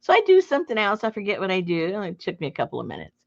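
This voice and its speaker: A middle-aged woman telling a story to her viewers in a casual, animated way, breaking into laughter and loud acted outbursts. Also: medium pitch, very fast, gravelly. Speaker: junk journal crafter and channel host. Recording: dull lo-fi home recording.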